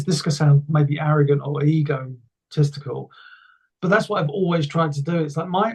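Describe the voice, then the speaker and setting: A man being interviewed, telling stories in a rambling, enthusiastic way with many restarts. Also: a little high. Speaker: interview guest. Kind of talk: casual conversation.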